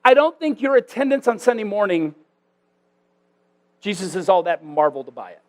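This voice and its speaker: A man preaching a sermon as a church pastor, conversational and animated, with self-deprecating asides. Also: sits high, moderate pace.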